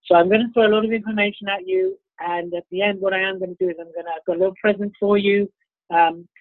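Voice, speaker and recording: This British man delivers an upbeat, self-promoting motivational keynote, sounding slightly congested with the sniffles. His voice is high-pitched and steady, and he talks fast. The line is tinny, phone-like and dry, with no room sound.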